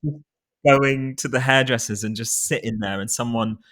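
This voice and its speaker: A man's voice: medium pitch, fairly even intonation, moderate pace, heavy background noise. A man from Cornwall joining a podcast as a guest, hesitant in his speech, playful and self-deprecating. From Cornwall, England. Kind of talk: casual chat.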